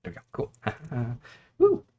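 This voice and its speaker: A man chewing gum while hosting a casual livestream chat as he builds a toy kit. He talks softly, mutters to himself and giggles often. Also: mid-range voice, huge pitch swings, slow, highs cut off, a little hiss or hum. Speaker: host.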